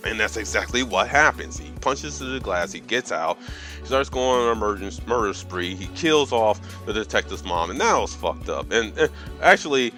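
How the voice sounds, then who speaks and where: A man with a lowish voice tells a film's story for laughs, cursing freely and in slang. He keeps jumping into quick put-on voices for the characters. Faint music plays underneath. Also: expressive, sharp tone. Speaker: movie recapper. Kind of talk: comedic movie recap.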